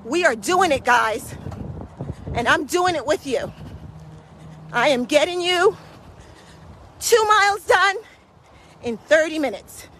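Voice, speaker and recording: Very high-voiced woman coaching a brisk walk. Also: lively intonation, pushed and bright, slight background noise, poor audio. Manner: encouraging, repetitive coaching cues. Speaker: walking pace coach. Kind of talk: motivational workout vlog while walking. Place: outdoors in a park.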